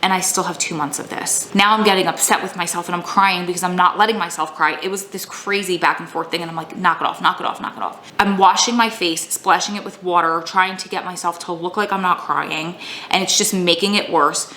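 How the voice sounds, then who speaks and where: A woman's voice: lowish voice, steady tone, a little fast, sharp tone, slight background noise. A young adult woman telling a personal story in a candid, emotional way. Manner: emotional, tearful at times, candid. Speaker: vlogger. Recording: echoey room, faint ambience.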